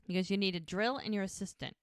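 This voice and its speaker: A woman's voice: mid-range voice, fast, clear, resonant tone, no echo. A woman co-hosts a casual podcast and walks through each scene by acting out the characters' lines. Her voice sits in a middle range. The sound is dry and close. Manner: retells scenes by quoting characters. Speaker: podcast co-host. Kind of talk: casual recap chat.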